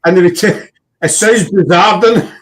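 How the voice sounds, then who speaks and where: A man's voice: sits high, moderate pace. A man with a Scottish accent, hosting a casual chat and telling rambling stories full of fillers and restarts. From Scotland. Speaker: podcast host.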